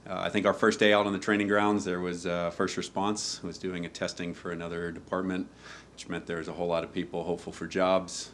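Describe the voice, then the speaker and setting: A man's voice: deep voice, flat delivery, fairly quick, fairly bright tone, a little hiss or hum. A man, a fire lieutenant, giving an informal speech at a ceremony, candid and joking, with many fillers. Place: hall at a ceremony before an audience.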